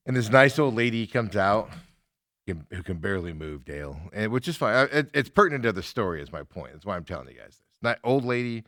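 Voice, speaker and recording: A man's voice: fairly low pitch, brisk, dry recording, clean studio sound. A middle-aged man hosting a sports radio show, telling stories in casual chat and laughing often. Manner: animated storyteller, laughs often. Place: radio studio.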